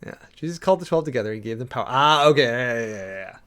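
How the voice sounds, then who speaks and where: A man's voice: mid-range voice, lively intonation, quick pace, a bit bright, clear, resonant tone. A man preparing a sermon, reading scripture aloud and thinking it through in a rambling, self-interrupting way. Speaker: preacher.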